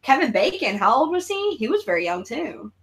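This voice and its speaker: A woman's voice: sits high, big pitch swings, brisk. A woman hosting a casual watch-along chat, giggly and crude, with frequent laughter. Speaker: channel host.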